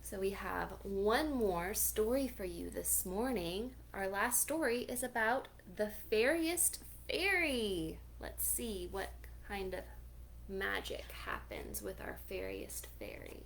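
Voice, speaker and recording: A woman librarian reading a picture book aloud for children at storytime, animated, gasping and asking listeners questions. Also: mid-range voice, slow, vocal fry, a little hiss or hum.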